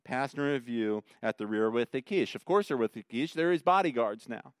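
A middle-aged male pastor preaching a sermon and reading scripture, swinging between hushed repetition and loud, emphatic points. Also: medium pitch, normal speed, clean tone, no room sound, studio quality. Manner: repeats phrases for emphasis.

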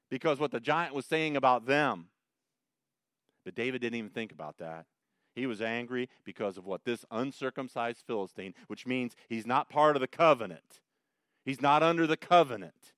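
A man preaching a sermon with a smooth, resonant voice, working through the text verse by verse. He moves from calm explanation to emphatic, rising bursts. The sound is dry and close, with no room echo. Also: mid-range voice. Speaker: pastor.

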